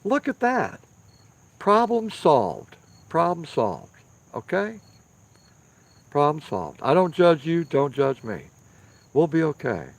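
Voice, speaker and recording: A man's voice: a little high, wildly swooping pitch, slow pace, creaky, pauses often. Chatty man talking to his viewers. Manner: chatty, emphatic, repeats himself for stress. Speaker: live-stream host reading viewer comments. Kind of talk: casual live-stream chat. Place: outdoors by a firepit.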